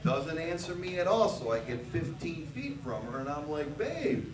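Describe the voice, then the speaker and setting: Crude, animated stand-up comic man. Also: fairly high pitch, normal speed. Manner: crude, profane storytelling. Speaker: stand-up comedian. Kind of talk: stand-up routine. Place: bar stage. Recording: roomy, distant, loud bar noise.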